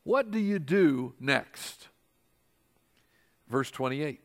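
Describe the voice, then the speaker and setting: Animated male pastor preaching. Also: very slow. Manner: animated, acts out quoted voices with big jumps in pitch and volume. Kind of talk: sermon.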